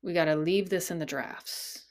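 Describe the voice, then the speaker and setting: A woman's voice: fairly low pitch, normal speed. A woman hosting a casual solo podcast, talking in an incredulous, exasperated way and swearing freely. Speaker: podcast host.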